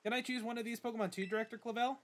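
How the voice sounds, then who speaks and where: A man's voice: very high voice, fairly even intonation, very fast, pitched above the performer's own voice. A man voicing a bubbly, pushy young female student who loves battling, while reading game dialogue aloud. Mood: eager.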